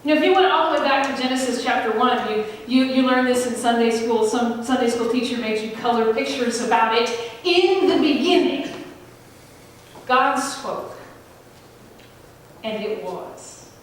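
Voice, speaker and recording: A woman pastor preaching a sermon, conversational and emphatic, slowing down to stress key phrases. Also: a little high, a little hiss or hum. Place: large church sanctuary. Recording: echoey hall, voice from far off.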